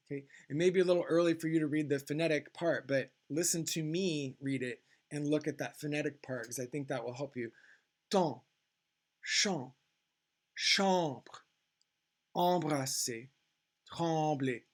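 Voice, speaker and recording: A young man giving a pronunciation lesson in a slightly raised voice. He speaks slowly and deliberately, enunciating each example word with care. Between the examples he explains things in a relaxed, casual way. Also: a little high. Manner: slow, careful, enunciating example words. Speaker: French teacher.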